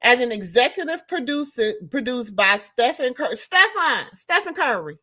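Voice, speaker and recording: Animated fifty-year-old woman, bright tone. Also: high voice, moderate pace, few pauses. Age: 50s. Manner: animated, emphatic, repeats lines for effect. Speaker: host. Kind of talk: casual commentary.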